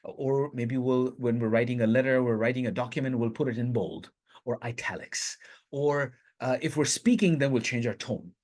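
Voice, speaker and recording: A man's voice: medium pitch, a little mellow. A man teaching a Quran lesson to listeners, explaining the verses step by step in a conversational way and reciting them in Arabic. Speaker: Islamic teacher.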